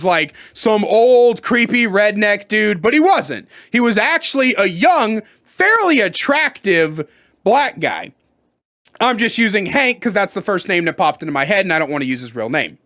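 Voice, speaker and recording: Animated, profane storytime ranter. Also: medium pitch. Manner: animated, profane, emphatic retelling. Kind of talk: storytime vlog rant.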